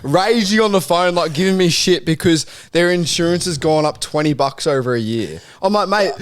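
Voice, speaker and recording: A man's voice: on the high side, moderate pace. A young Australian man co-hosting a podcast, exasperated and profane, often laughing. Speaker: podcast co-host. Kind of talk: crude casual banter.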